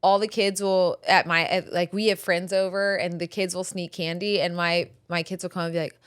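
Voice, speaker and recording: A woman's voice: fairly low pitch, level tone, normal speed, fairly bright tone, clean tone, no room sound, studio quality. A woman in her thirties from California, hosting a podcast and telling stories in casual chat, swearing freely and acting out the people she quotes. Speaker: podcast host.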